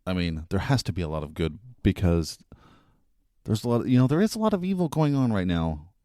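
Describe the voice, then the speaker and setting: A man's voice: low voice, very animated, a little fast, warm tone, no room sound, studio quality. A male podcast host giving earnest, casual commentary with fillers and some laughs.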